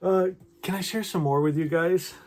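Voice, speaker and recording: A man talking warmly to his viewers and reading devotional poems aloud in a gentle, emotional, effusive way. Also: sits high, normal speed. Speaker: spiritual vlogger. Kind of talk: heartfelt talk and poetry reading to viewers.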